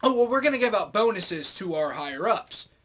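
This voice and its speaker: A man's voice: high voice, sing-song, a little fast, fairly bright tone, rough recording. A man ranting angrily at a commenter, sarcastic and exasperated, swearing often. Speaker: vlogger. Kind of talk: angry rant reading out comments.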